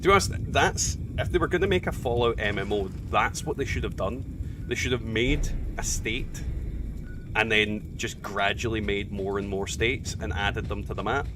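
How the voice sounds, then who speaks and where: Male streamer, blunt, profane banter, set back from the mic with loud game noise underneath. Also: lowish voice, moderate pace, distant mic. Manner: chatty, blunt and profane, reading chat aloud. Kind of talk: casual live-stream chat while gaming.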